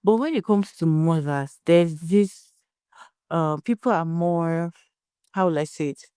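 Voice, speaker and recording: A woman's voice: lowish voice, a little slow, mellow, smooth, dry recording, studio quality. A young Nigerian woman hosting a solo podcast, giving blunt opinions and telling stories in a conversational way. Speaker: podcast host.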